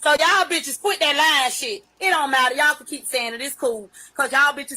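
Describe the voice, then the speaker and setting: Her high-pitched voice comes out pushed and bright at a moderate pace, with few pauses, over a rough phone livestream recording. As host, she delivers an unscripted, profane, confrontational rant, elongating the phrases she hammers on.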